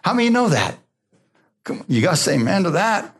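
A pastor preaching a sermon, drawing amens from the congregation and dropping to a soft, low voice when he quotes God. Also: very animated, quick pace. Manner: call-and-response preaching, asking the congregation for amens; drops low and soft for God's voice, rises for emphasis.

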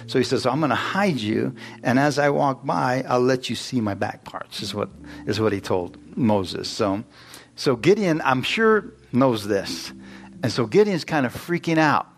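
A man's voice: mid-range voice, animated, unhurried. A man preaching a sermon, emphatic and questioning his congregation, rising into exclamations. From United States.

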